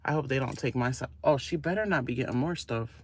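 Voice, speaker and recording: With a bass, breathy-edged voice and a fast delivery, this woman vlogs live from a laundromat on her phone. Her commentary is nosy and gossipy, frequently sinking to a whisper.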